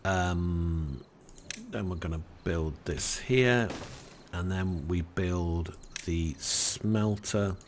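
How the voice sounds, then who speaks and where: An Englishman with an English accent giving relaxed let's-play commentary in a soft, soothing, unhurried way. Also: deep voice, a little hiss or hum. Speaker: game commentator.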